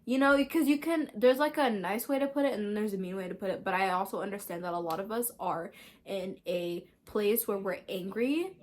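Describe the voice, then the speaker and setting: A woman hosts a casual commentary video on celebrity news. She talks in a chatty, animated way, with laughing asides and occasional swearing. Her voice is of middling pitch. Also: fairly quick. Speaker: host.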